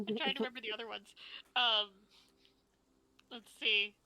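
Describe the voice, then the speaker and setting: A woman from Minnesota chats as a player on a tabletop game show. Her voice is very bright, and she laughs easily, talking loosely with plenty of fillers. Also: fairly high pitch, fairly even intonation, moderate pace, low-quality recording. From Minnesota, USA. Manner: laughing, chatty, many fillers. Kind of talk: casual chat.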